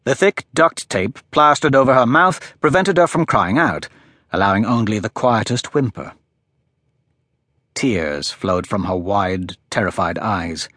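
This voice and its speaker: A man's voice: mid-range voice, fairly bright tone, dry recording, studio quality. Man reading a thriller audiobook. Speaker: audiobook narrator. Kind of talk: scripted audiobook narration.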